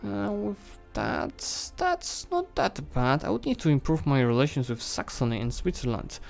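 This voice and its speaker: A man streaming a strategy game, thinking aloud and chatting to the nations and armies on screen, his voice going hoarse. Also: fairly high pitch, very animated, normal speed, faint music behind. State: losing his voice. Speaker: gaming streamer. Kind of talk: live strategy game commentary.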